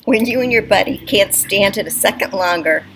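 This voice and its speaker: For a children's storytime, a woman librarian reads a picture book aloud on a front porch at a moderate pace and medium pitch, animated, teacherly and coaxing toward young listeners. Recorded on a computer webcam, the audio is low quality, with slight background noise from the neighborhood.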